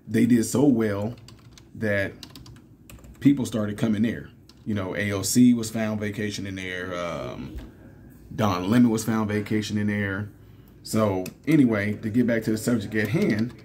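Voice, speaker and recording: A man's voice: lowish voice, darkish tone, a little hiss or hum. A man in his thirties talking casually to viewers in a commentary vlog, telling stories with fillers and laughing often. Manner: conversational, storytelling, laughs often, many fillers. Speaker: commentary vlogger.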